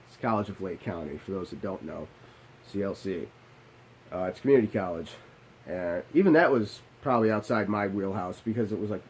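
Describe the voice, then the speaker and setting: A vlogger in his late twenties tells a candid, self-deprecating confessional story about his past in a rambling, profane style, often restarting his sentences. His voice is fairly low, quick and slightly breathy, and the audio is poor.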